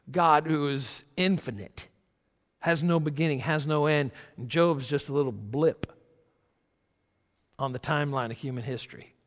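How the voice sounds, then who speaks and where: A man's voice: fairly high pitch, normal speed, pauses often, long reverb tail. A man preaching a sermon, reading scripture with rising force and breaking into conversational asides. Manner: animated, rising loud when quoting scripture, conversational asides. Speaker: pastor.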